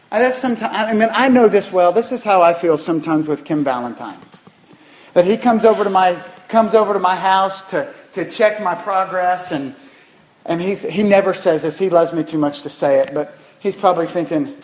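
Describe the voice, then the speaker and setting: A man's voice: fairly high pitch, animated, unhurried, pauses often, reverberant, rough recording. A man preaching a sermon, telling folksy stories and asking the congregation rhetorical questions. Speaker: pastor.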